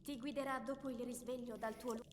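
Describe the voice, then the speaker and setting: Mysterious female guide voice, done by a woman, soft and solemn, video game, roomy echo, long reverb tail. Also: a little high, fairly even intonation, fast, a little hiss or hum, natural voice. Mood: solemn guiding. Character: calm mysterious guiding woman's voice.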